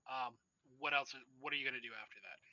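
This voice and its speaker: A man's voice: mid-range voice, fast, bright, forceful tone, dry recording, low-quality recording. A man running a tabletop game as its game master, narrating loosely with lots of fillers and restarts.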